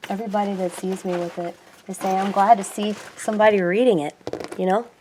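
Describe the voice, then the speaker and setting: Woman vlogger, mid pitch, rambling and giggly, faint noise behind. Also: steady tone, quick pace. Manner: rambling, laughing often, drifting from loud to murmured. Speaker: YouTuber. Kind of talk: casual vlog chat.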